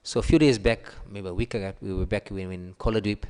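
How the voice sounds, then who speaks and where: Low-voiced male preacher in a reverberant hall. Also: fairly even intonation, fast talker, darkish tone, smooth. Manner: storytelling, acts out quoted voices with raised pitch. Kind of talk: sermon. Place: temple hall.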